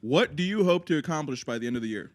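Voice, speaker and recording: A man co-hosting a podcast, talking in a relaxed, rambling way with fillers. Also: on the high side, quick pace. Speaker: podcast co-host. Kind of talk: casual chat.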